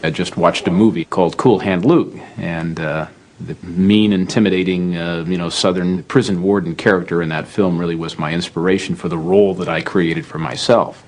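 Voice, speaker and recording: A man's voice: sits low, steady tone, normal speed, low-quality recording. A man interviewed for a documentary, recalling his time as a guard in a matter-of-fact way. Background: guitar music.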